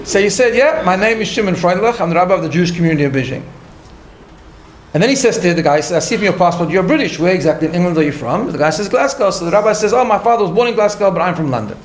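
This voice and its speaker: A high-voiced man teaching a class as a rabbi, telling a story in a lively, chatty way and breaking into small laughs at his own asides. His voice carries around an echoey room with a faint hum of ambience behind it. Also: very fast. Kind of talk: conversational lecture with a story.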